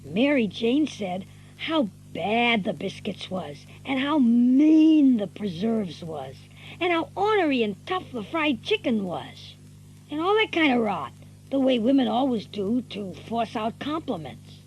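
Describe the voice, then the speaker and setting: A woman's voice: a little high, big pitch swings, unhurried, darkish tone, highs cut off, slight background noise. A woman voicing a scrappy teenage country boy with a rural Southern US dialect, narrating and acting in a radio play. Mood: wry. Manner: folksy, drawling storyteller.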